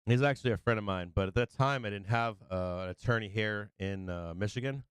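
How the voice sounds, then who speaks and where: A low-pitched man with a clean, resonant voice rambles through a casual story, swearing freely and doubling back on his words. His voice is close and dry, with no room sound around it. He talks the way a live stream host chats with his viewers. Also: fairly quick, clean tone, dry recording. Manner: loose and profane, with many restarts and laughs.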